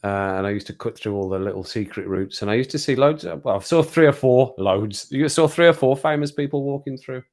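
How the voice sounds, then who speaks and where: A man from England with a Midlands accent chats casually to his live-stream viewers at a normal, mid-range pitch. He rambles from thought to thought, chuckles often, and has an easy, self-mocking way of talking. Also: expressive, fairly quick, hardly any pauses, a little mellow. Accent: Midlands English.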